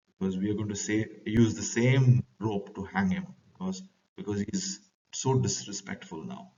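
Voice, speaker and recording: Slow-talking Indian teacher, distant dull recording. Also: male voice, lowish voice, warm tone. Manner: reads lines aloud then paraphrases them, measured and explanatory. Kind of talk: classroom lecture explaining a play.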